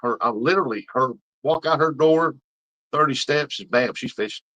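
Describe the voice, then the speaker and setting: Chatting casually with his livestream viewers, a middle-aged host wanders through fishing stories in a folksy, rambling way. His pitch is medium and his pace moderate, with a sharp tone and lo-fi sound.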